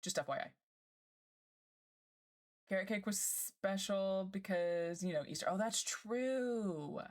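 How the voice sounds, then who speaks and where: A woman streamer chatting casually with her live chat, bubbly and gushing and quick to laugh. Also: mid-range voice, fairly even intonation.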